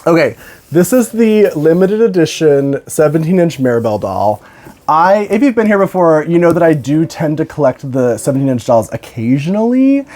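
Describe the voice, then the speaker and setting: A young woman hosts a casual doll unboxing vlog, tired yet bubbling with excitement. Her pitch swings widely as she talks. She swears freely and breaks into laughter often. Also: normal speed. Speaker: doll collector and reviewer.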